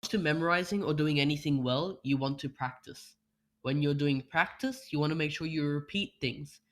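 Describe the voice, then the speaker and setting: A man's voice: normal speed, fairly bright tone. Young man explaining on an online call. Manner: explanatory, uses rhetorical questions, shifts pitch to demonstrate. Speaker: speech coach presenter. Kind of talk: online workshop presentation. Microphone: computer mic without webcam.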